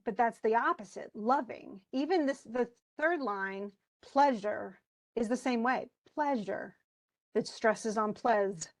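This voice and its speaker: A woman's voice: a little high, moderate pace, few pauses. A woman teaching a live online class, chatty, explaining with asides and voicing what students might think, on a computer mic.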